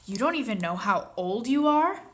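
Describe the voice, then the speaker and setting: A woman's voice: lively intonation, moderate pace, a bit bright. A woman voicing a polite, clever little girl in a storybook reading, speaking properly in a raised voice. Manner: prim, proper, higher voice.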